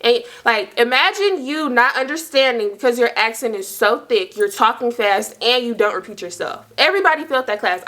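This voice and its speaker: A young woman with a medium-pitched, bright, forceful voice chats casually with her viewers, telling a personal story. She's slangy and full of asides to the audience, and her mouth sounds dry.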